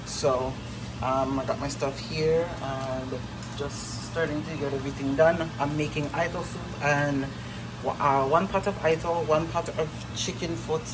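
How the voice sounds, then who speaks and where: A woman's voice: low-pitched, steady tone, a little slow. A young woman, chatting casually for her family vlog from her home kitchen, rambling and informal. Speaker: family vlogger. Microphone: phone camera, speaker off screen. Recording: noisy home phone recording.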